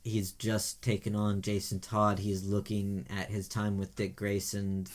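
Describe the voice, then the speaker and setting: A man with a fairly low voice co-hosts a casual podcast chat. He reviews TV shows in an emphatic, opinionated way, pressing each point firmly. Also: completely flat delivery, a little slow. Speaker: podcast co-host.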